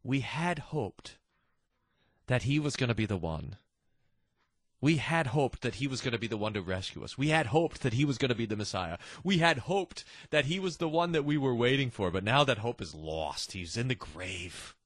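A man voicing despondent disciples on the road, slow and heavy with lost hope. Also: mid-range voice, expressive, fairly bright tone, no echo, studio quality.

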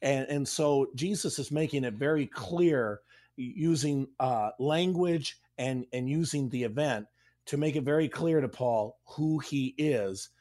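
A man's voice: mid-range voice, unhurried, a little mellow. A middle-aged man, a pastor hosting a Bible study, explaining a passage in an emphatic, conversational way with frequent restarts.

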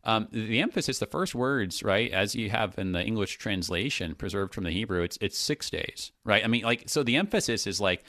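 A man's voice: fairly low pitch, expressive, moderate pace, bright, forceful tone, no room sound, clean studio sound. A man hosting a radio talk show as a pastor, thinking aloud in casual talk with many restarts and fillers.

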